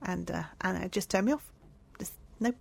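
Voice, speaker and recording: A woman's voice: medium pitch, moderate pace, gravelly, breathy edge. A woman co-hosting a podcast, chatting in an upbeat, earnest way. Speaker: podcast co-host. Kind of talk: casual chat.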